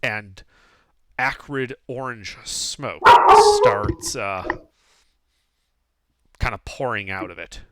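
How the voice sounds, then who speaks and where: A man's voice: lowish voice, slow pace, long pauses, heavy background noise. A man narrating a tabletop game as game master, rambling and full of fillers. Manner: animated, rambling with many fillers.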